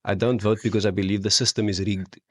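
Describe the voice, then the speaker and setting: A man's voice: fairly low pitch, fast, no echo, clean studio sound. Outspoken young man on a podcast. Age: young adult. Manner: outspoken, animated, jokey. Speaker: podcast guest. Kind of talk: casual podcast chat.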